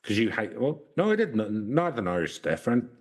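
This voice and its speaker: A man co-hosts a casual podcast in a fairly low voice. He reads folklore notes aloud, breaking off into jokes and halting restarts. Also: big pitch swings, slightly rough. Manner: joking, with halting restarts around the script. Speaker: podcast co-host.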